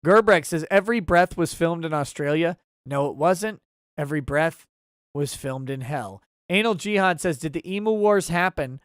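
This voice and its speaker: A man's voice: a little high, moderate pace, a bit bright, no echo, studio quality. A man hosting a casual livestream talk show and reading viewer messages aloud with sarcasm and mock outrage.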